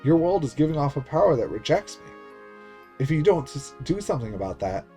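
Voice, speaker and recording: A man's voice: fairly high pitch, sing-song, fairly quick, warm tone, faint music behind, pitched above the performer's own voice. A man voicing a meek girl spirit deity who stammers anxiously and apologizes.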